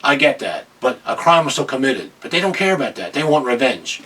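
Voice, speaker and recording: A man's voice: medium pitch, sing-song, brisk, few pauses, pushed and bright, breathy edge, distant mic, rough recording. A middle-aged man ranting angrily in a video commentary, agitated and repeating himself. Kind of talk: angry political rant.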